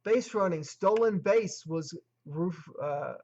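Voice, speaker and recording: A man with a high voice hosts a solo sports livestream, rattling off baseball stats in short clipped lists. He then leans into emphatic opinions and repeats his points for weight. The sound is dull and lo-fi. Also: takes it slowly, a little mellow. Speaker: sports show host.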